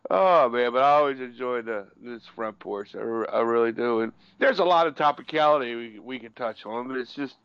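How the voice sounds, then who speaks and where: A man's voice: mid-range voice, fairly quick, few pauses, fairly bright tone, clear, resonant tone, no room sound, highs cut off. A man co-hosting a casual talk show, wisecracking in a folksy way and laughing often. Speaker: co-host.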